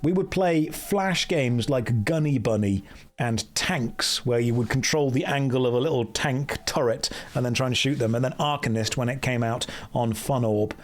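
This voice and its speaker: A man's voice: mid-range voice, moderate pace. A man chatting on a live game stream in a joking, self-mocking way. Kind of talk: casual live-stream chat.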